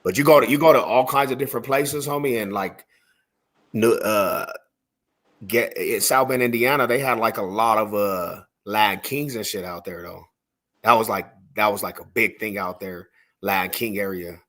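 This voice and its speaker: Man, husky, from Denver, slangy street storyteller, rambling podcast chat. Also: fairly low pitch, moderate pace, a bit bright. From Denver, Colorado. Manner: slangy, rambling, peppered with "bro" and "homie".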